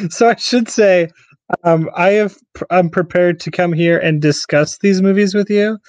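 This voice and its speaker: A man co-hosting a podcast in casual chat, speaking in a measured way with hesitant restarts. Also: high voice, darkish tone, dry recording. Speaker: podcast co-host.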